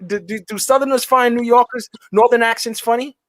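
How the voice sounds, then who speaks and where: A man's voice: very high voice, fairly even intonation, a little fast, no room sound. A man with a New York accent hosting a call-in livestream show, teasing his callers in a casual way and often restarting his words.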